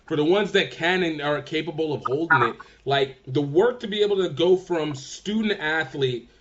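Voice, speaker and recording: A man's voice: a little high, moderate pace, fairly bright tone, muffled recording, a little hiss or hum. A man hosting a casual interview, talking with enthusiasm and plenty of slang. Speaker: podcast host.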